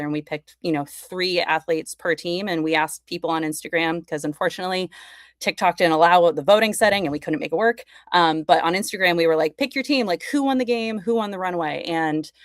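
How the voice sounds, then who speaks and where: A woman's voice: lowish voice, a little fast, no room sound, clean studio sound. A young woman guest on a podcast, chatting eagerly about her work, with lots of likes and you-knows. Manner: enthusiastic, chatty, many fillers. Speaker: podcast guest, fashion content creator. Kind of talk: casual conversation.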